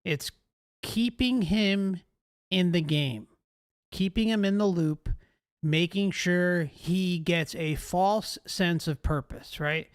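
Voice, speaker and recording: A man's voice: high-pitched, slow pace, smooth, no room sound, studio quality. A male host giving emphatic commentary, often asking rhetorical questions.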